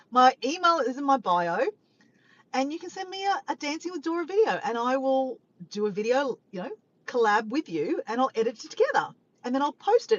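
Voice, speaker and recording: A woman's voice: sits high, highs cut off. A woman chatting casually on a live stream from her car by the beach, reading viewer comments, laughing and teasing playfully.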